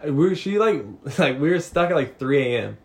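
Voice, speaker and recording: A young man telling a story in casual chat, animated and profane, laughing often. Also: a little high, normal speed.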